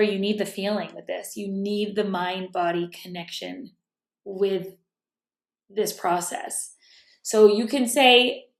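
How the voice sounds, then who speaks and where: Woman self-help speaker, thoughtful and casual, with a touch of vocal fry, recorded in a roomy, echoey space at home. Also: mid-range voice. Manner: thoughtful, self-correcting, drops to a whisper at times. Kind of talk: casual reflective talk. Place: room at home.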